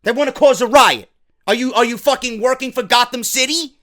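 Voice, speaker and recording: A man with a New York accent rants through a wrestling show review, full of swearing and sarcasm. His voice sits high and comes across bright and sharp. He often builds to loud, heated outbursts. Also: fairly quick. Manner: profane, sarcastic, ranting, gets loud and heated.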